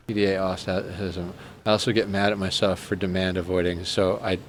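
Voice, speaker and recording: A man's voice: low-pitched, flat delivery, fairly quick, a little hiss or hum. A man chatting casually on a gaming live stream, rambling, sarcastic and swearing freely. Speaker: game streamer.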